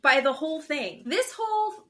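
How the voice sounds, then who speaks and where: A woman's voice: high voice, moderate pace. A woman co-hosting a podcast, recapping a reality show in casual chat and bluntly judging the people in it. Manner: blunt, gossipy, animated retelling with quoted voices. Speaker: podcast co-host.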